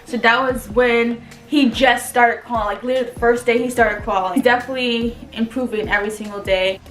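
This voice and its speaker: Chatty high-voiced young mother vlogging. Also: steady tone, fairly quick, a bit bright, reverberant, faint music behind. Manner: chatty, fillers of "like". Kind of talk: casual chat to camera.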